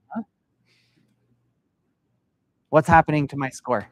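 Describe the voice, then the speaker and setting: Brief: middle-aged male sales mentor, mid-pitched, lively storyteller who quizzes his audience, dry close sound. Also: measured pace, pauses often, dry recording, dull audio. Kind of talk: live workshop talk to an audience. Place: meeting room with an audience.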